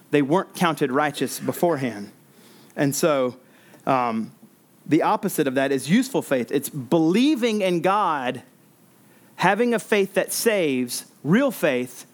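Earnest man preaching, slightly high voice. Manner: earnest, repeats words and restarts while explaining. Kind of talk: expository sermon.

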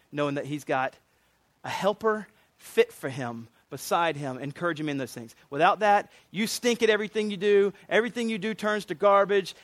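A man's voice: a little high, no room sound. A man preaching a sermon in an earnest, emphatic way, with frequent restarts and light asides.

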